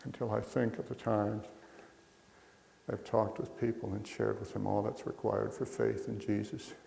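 A man's voice: fairly low pitch, level tone, moderate pace, creaky, slight background noise. Man preaching in an echoey hall. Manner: emphatic, swinging from quiet to loud. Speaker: pastor. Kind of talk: sermon.

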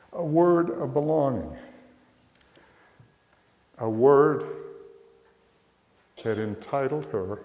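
A male pastor giving an Easter sermon, emphatic, swinging from quiet to loud. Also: mid-range voice. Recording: echoey hall reverb.

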